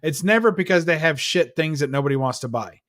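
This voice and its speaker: A man's voice: on the high side, expressive, fairly quick, a bit bright, no echo, clean studio sound. A man hosting a casual chat, telling a heated, profane story and acting out the quotes. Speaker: host.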